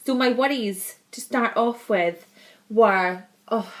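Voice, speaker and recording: A young woman talking candidly and warmly in a casual personal vlog, chatty and heartfelt. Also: fairly high pitch, takes it slowly. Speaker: vlogger.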